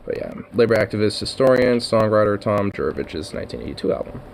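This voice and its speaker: A man's voice: lowish voice, lively intonation, fast talker, vocal fry, a little hiss or hum. A man chatting casually on his own vlog, rambling and swearing, with laughs and lots of fillers. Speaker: vlogger.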